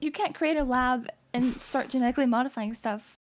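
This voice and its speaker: A young woman chats over a voice call, her voice sitting notably high. She rambles through wild what-if ideas and teases her friend with easy laughs. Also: fairly quick. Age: young adult. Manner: imaginative, rambling, teasing, laughs often. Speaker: streamer. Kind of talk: casual chat.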